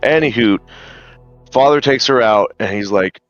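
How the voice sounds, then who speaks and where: Deep-voiced man rambling through a story. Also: unhurried, a bit bright, no echo, dull audio, soft background music. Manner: rambling, hesitant, swears. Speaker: streamer. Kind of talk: casual storytelling.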